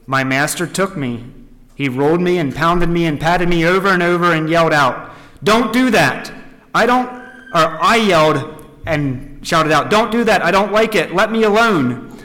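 A man's voice: fairly high pitch, measured pace, bright, forceful tone. A man voicing a suffering teacup that cries out and pleads as it is shaped and fired. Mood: distressed pleading. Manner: pleading, crying out in distress. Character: suffering teacup, once a lump of clay. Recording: echoey hall.

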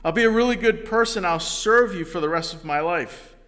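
A man's voice: a little high, animated, moderate pace, long reverb tail. Man doing a frantic cliff-hanging man. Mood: pleading. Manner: frantic, pleading shouts. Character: desperate man dangling from a cliff branch.

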